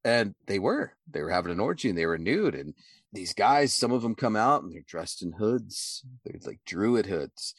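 A low-pitched man holds forth on a podcast in loose, profane, rambling talk. He often jumps into quoted lines in a louder, higher voice. The sound is dry and close, with no room around it. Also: animated, normal speed, husky, no room sound. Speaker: podcast co-host. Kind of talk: casual podcast chat.

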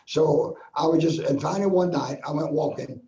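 A man's voice: on the high side, moderate pace, dark tone, a little hiss or hum. Older male preacher guest, earnest storyteller, recorded in a roomy space with dull, lo-fi audio. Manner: earnest, repetitive preacher's cadence. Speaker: guest minister. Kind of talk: personal testimony storytelling.

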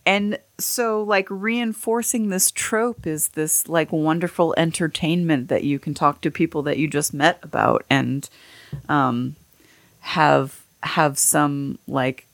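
A woman hosting a podcast who talks in a low, unhurried voice. She rambles candidly and swears freely. The sound is dry and close. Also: fairly even intonation, vocal fry, no echo. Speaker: podcast host. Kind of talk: casual chat.

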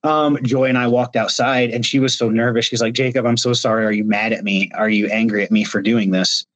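A man's voice: medium pitch, steady tone, brisk, a bit bright, dry recording. A man from Ohio, a reality show contestant, telling stories in a casual interview over a video call while gesturing with his hands. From Ohio, United States.

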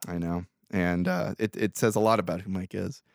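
A man's voice: deep voice, normal speed, vocal fry, no echo, studio quality. A man casually recapping a movie plot on a podcast, swearing freely and acting out the characters' lines. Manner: profane, animated retelling with acted quotes. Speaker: podcast co-host.

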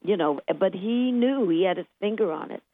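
An older woman, a songwriter being interviewed, telling animated anecdotes and acting out what people said, laughing often. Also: mid-range voice, moderate pace. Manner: lively anecdotes, acts out quotes, laughs often. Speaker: guest songwriter. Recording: tinny phone line, dry.

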